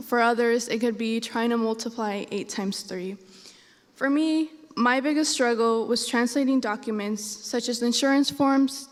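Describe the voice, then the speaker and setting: Young woman storyteller, Spanish native, high voice, lively delivery, hall reverb. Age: young adult. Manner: animated, acts out dialogue. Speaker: student storyteller. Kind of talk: personal storytelling on stage. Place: college stage.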